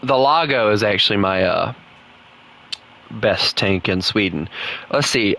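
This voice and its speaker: A man's voice: lowish voice, a little slow, pushed and bright. A man with a Southern US accent, chatting casually to his viewers while streaming a game, rambling and thinking aloud. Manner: chatty, rambling, fillers, talks to chat. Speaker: gaming streamer. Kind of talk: casual live commentary.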